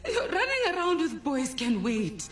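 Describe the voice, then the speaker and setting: Brief: a woman playing a consoling South African mum, animated pitch, faint music behind. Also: measured pace, heavily acted. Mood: pleading. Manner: pleading, consoling. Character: worried, soothing mother. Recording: distant mic, faint music.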